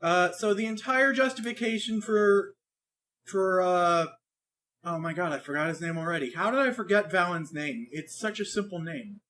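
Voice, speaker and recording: A man co-hosting a podcast, chatting casually in an animated, rambling way, with lots of swearing and restarts. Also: high-pitched, moderate pace. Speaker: podcast co-host reviewing an anime. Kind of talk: casual chat.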